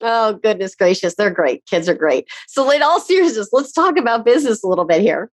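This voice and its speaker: A woman's voice: medium pitch, very animated, a little fast. A middle-aged woman hosting an interview, telling stories in a chatty way, laughing often and acting out quotes. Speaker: podcast host. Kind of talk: casual conversational interview.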